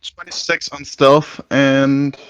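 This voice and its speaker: A man's voice: medium pitch, flat delivery, slow, a bit bright, smooth, no room sound. A man playing a tabletop game, asking about his moves in a casual, direct way. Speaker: player. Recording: dull lo-fi mic.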